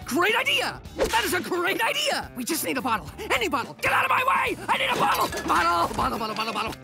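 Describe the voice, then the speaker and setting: A man voicing a bossy, excitable teen boy superhero leader in a cartoon, commanding and prone to shouting. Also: very high voice, rapid-fire, gravelly, heavily acted. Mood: frantic. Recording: cartoon audio with music behind.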